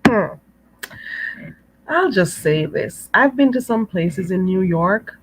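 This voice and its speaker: A woman's voice: mid-range voice, animated, takes it slowly, background noise. A Jamaican woman hosting a live stream, chatting casually with viewers, laughing often and calling them "girl.". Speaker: livestream host. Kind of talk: live-stream chat reading comments.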